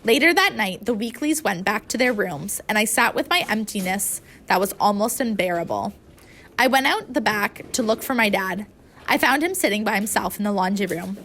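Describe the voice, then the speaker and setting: Lady reading a first-person audiobook, emotional and expressive. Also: medium pitch, normal speed, slight background noise. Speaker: audiobook narrator.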